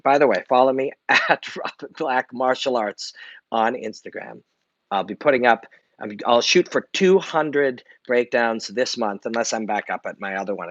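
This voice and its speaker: A man's voice: mid-range voice, no echo. Male livestream host, candid, reflective, swears often, dull dry lo-fi sound. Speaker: martial arts analyst and channel host. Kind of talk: casual livestream chat answering viewer comments.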